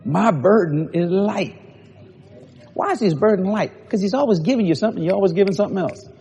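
A man's voice: high voice, fairly quick, dark tone, slight background noise. A man preaching a sermon in a folksy, storytelling way, often breaking into laughter. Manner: laughs often between phrases.

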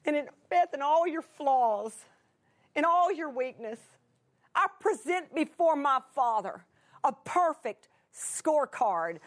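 A woman with a high voice delivers a storytelling sermon to a live audience. She speaks in a folksy, chatty way and moves from bursts of excitement to hushed tenderness. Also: unhurried, some chatter behind. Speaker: Christian speaker.

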